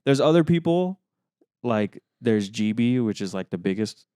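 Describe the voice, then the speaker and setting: A man's voice: medium pitch, lively intonation, moderate pace, mellow, smooth, no echo, studio quality. A young man co-hosting a podcast, chatting casually and rambling with lots of fillers. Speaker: podcast co-host. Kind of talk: casual chat.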